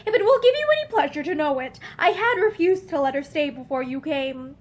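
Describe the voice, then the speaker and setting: A woman's voice: sits high, animated, brisk. A woman voicing a proud, angry young man who speaks curtly. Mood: bitter. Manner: brusque, forceful.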